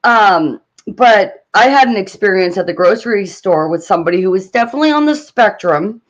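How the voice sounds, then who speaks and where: A woman's voice: mid-range voice, lively intonation, brisk, lo-fi sound. A woman co-hosting a live stream, telling a story in casual chat, rambling and hesitant with many fillers. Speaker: livestream co-host.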